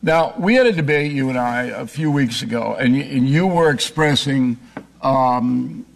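A man making a forceful, argumentative case in a heated political debate, often cutting in. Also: mid-range voice, animated, unhurried, vocal fry, a little hiss or hum. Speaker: political commentator.

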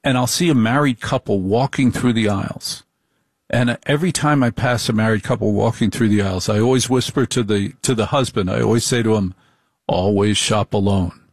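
A middle-aged man giving a comic monologue in a deliberate, repetitive, wry way. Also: mid-range voice, husky, dry recording, clean studio sound.

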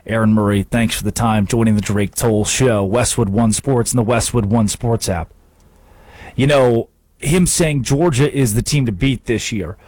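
A man's voice: medium pitch, normal speed, darkish tone, dry recording. A man hosting a sports radio show, delivering an emphatic, sarcastic monologue at a studio microphone.

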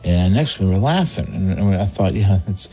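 A man's voice: low voice, animated, brisk, mellow, slightly rough, poor audio. A man casually telling an embarrassing story on a radio show, laughing as he acts out what everyone said. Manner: laughing through his story, acting out quotes. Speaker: caller telling a confession.

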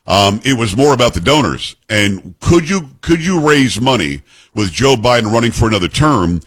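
A husky-voiced man hosts call-in radio from a dry, close studio. He is emphatic and opinionated, pressing his own views hard on his callers. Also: medium pitch, a bit bright, dry recording. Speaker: radio talk show host.

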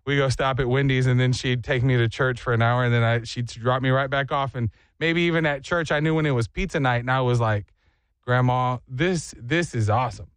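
A young man hosting a morning radio show, telling lively anecdotes in a casual chatty way. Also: medium pitch, brisk, smooth, no echo. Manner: lively storyteller, animated voices in anecdotes.

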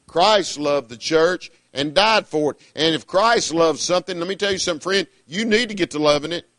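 A middle-aged man, preaching a sermon with emphatic, swinging delivery, loud declarations dropping to quiet asides. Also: a little high, moderate pace, no echo.

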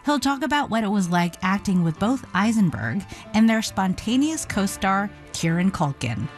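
A woman guest-hosting a radio program, giving a lively scripted introduction. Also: mid-range voice, normal speed, soft background music.

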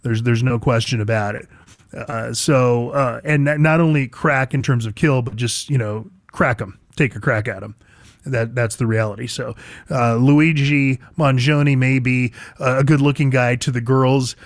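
A man's voice: medium pitch, fairly even intonation, moderate pace, no echo, clean studio sound. A man hosting a talk radio show, speaking bluntly and conversationally about the news and old times with his producer. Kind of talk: opinionated talk radio monologue.

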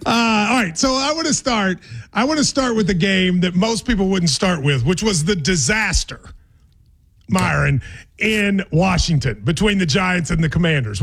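Animated, high-voiced sports radio host. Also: male voice. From Kentucky. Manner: playful, animated, laughs often. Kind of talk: casual sports talk.

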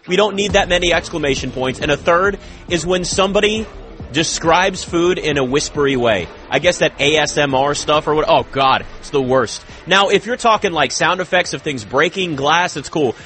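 A man's voice: fairly high pitch, fairly bright tone. A man hosting a live sports talk show, opinionated and rambling, often restarting his sentences.

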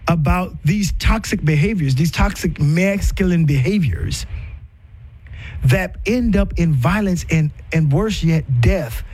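Husky-voiced man preaching with emphatic repetition. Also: fairly high pitch, a little mellow. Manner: emphatic, repetitive, colloquial, rhetorical questions. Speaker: speaker giving relationship advice. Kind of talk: impassioned preaching-style talk.

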